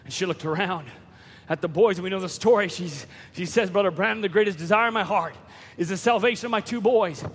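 A man preaching a sermon, telling a story with repeated words and rising to shouts at key points. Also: high voice, brisk, husky. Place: church hall. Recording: long reverb of a church hall.

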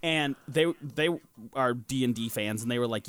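Brief: young male podcast host, casual storyteller, swears and laughs freely, medium pitch, dry close-miked sound. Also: normal speed, a bit bright, no echo.

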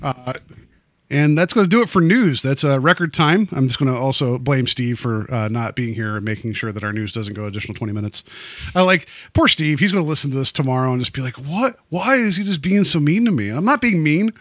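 A man's voice: mid-range voice, expressive, fast, a bit bright, no echo. A man hosting a podcast, chatting casually and rambling with lots of fillers and restarts. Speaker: podcast host. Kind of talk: casual chat.

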